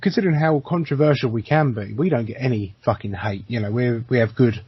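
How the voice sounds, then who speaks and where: A man's voice: medium pitch, fast talker, husky, no echo, lo-fi sound. A man co-hosting a podcast, talking bluntly and swearing, often restarting his sentences. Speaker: podcast co-host. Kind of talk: casual podcast chat.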